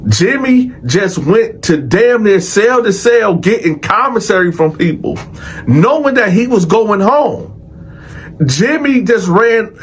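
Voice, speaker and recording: A man casually telling a story in an animated, profane way and acting out other people's voices. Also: high voice, breathy edge. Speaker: storyteller, show host.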